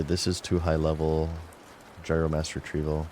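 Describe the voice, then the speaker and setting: With slight background noise behind him, a man speaks in a very deep voice at normal speed while streaming a game. The commentary is casual and chatty, and he mutters to himself as he plays in a relaxed way.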